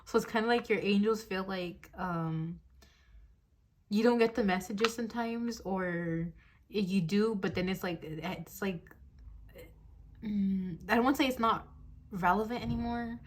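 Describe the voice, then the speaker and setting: A woman's voice: mid-range voice, a little slow. Giggly young woman giving a tarot reading. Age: 20s. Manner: giggly, rambling, lots of fillers. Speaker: tarot reader. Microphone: phone on a desk mount.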